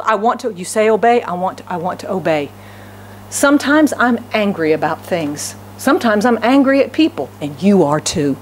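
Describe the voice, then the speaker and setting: A woman pastor preaching a sermon in a church. She swings between raised, fervent declarations and hushed, near-whispered pleading, and keeps putting questions to the congregation. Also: medium pitch, animated, moderate pace. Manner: asks the congregation rhetorical questions. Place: church sanctuary.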